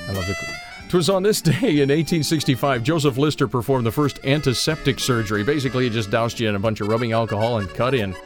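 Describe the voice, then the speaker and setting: A man's voice: medium pitch, quick pace, over music. A man hosting a casual radio show, joking around and putting on silly voices while reading the day's history. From United States. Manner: jokey, playful, puts on silly voices. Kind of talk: casual morning radio chat.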